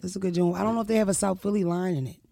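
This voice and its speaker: A woman comedian from Philadelphia hosting her podcast, with loud, profane, animated banter. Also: medium pitch, very fast, vocal fry. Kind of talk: casual podcast chat.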